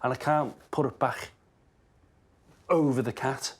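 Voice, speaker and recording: A man working as an animal welfare officer, talking casually on the job and calling to a cat in a high sing-song voice inside a house. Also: fairly even intonation, unhurried, breathy edge. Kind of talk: casual on-location talk. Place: indoors in a house by a chimney. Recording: on-location audio with loud music underneath.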